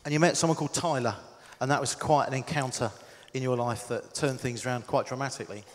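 A man's voice: medium pitch, steady tone, fast. A man interviewing a guest on stage, chatty and joking in his questions. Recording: long hall reverb with faint noise.

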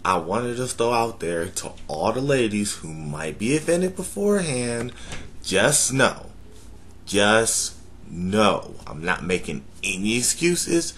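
A man's voice: lowish voice, bright, forceful tone. A young man talking bluntly to camera in a profane, joking way. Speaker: vlogger. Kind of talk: casual talk to camera.

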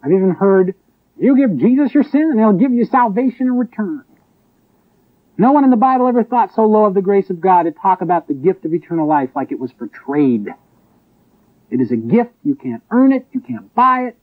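A man preaching a sermon in an emphatic way, with sharp rises and drops. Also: sits high, lively intonation, fairly quick. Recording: tinny phone-like lo-fi recording.

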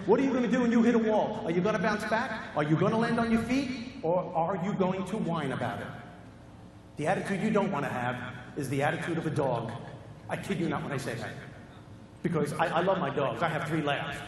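A fairly high-voiced man with a New York accent hammering home his points with punchy repetition. He speaks in a large hall, where his voice carries a long reverb over a faint murmur of ambience. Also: noisy background. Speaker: motivational speaker. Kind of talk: motivational keynote with comedy.

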